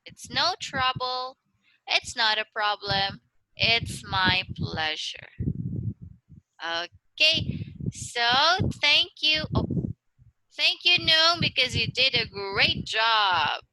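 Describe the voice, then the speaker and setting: A woman tutoring English one-on-one over a video call, speaking slowly and encouragingly and modeling intonation for her student. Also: fairly high pitch, animated, sharp tone, no room sound, poor audio.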